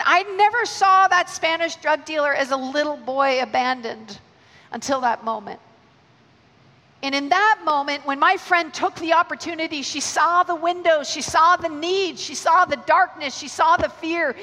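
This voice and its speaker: Bright, high-voiced woman preaching in a hall. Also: normal speed. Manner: animated storytelling with stammered restarts. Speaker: conference speaker. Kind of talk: energetic sermon. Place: large hall. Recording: live hall with long reverb.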